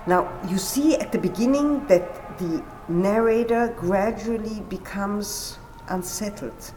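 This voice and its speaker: Woman talking about literature, animated, acts out quotes, slow and unhurried, middle pitch. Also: slight background noise. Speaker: literature commentator. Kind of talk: conversational explanation.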